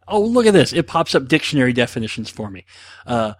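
A man's voice: mid-range voice, animated, fast, dry recording. A man hosting a casual solo show, answering listener questions in a rambling, self-deprecating, joking way, with lots of ums and uhs. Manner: rambling, self-deprecating, jokey, with many fillers.

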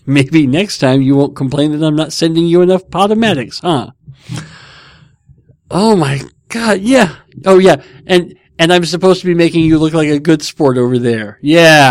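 A man's voice: fairly high pitch, a little slow, no echo, clean studio sound. A man hosting a casual podcast, rambling and laughing at himself as he chats from home. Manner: rambling, laughing, self-mocking. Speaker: podcast host.

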